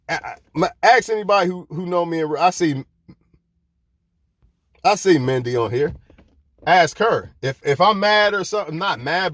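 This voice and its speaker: A man's voice: on the high side, dry recording. A man giving fiery life advice to his viewers in a profane, preachy rant.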